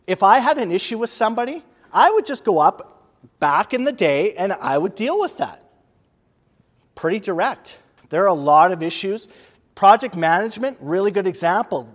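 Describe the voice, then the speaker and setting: A man giving a conversational leadership lecture to an audience, emphatic and given to repeating words for stress. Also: high voice. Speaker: presenter. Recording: long reverb of a large hall.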